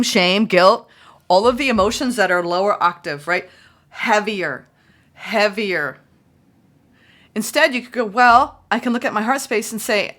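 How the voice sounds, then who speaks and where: Bright, excitable woman tarot reader. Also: medium pitch. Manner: excitable, gushing, repeats phrases for emphasis. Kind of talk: solo tarot reading to camera.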